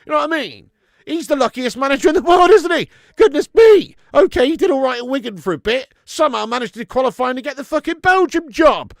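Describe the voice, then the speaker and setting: A man's voice: very high voice, vocal fry, dry recording, studio quality. A man hosting a live football watch-along, swearing often and reading out viewer messages. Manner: sweary, animated, reads viewer messages aloud. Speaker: fan channel host.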